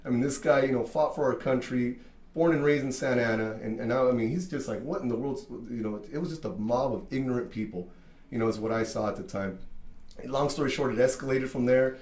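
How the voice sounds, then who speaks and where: A man who owns a barbershop telling a story in casual chat, animated, full of fillers and swearing. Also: mid-range voice, fast, roomy sound. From Mexican-American from Southern California. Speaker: barbershop owner.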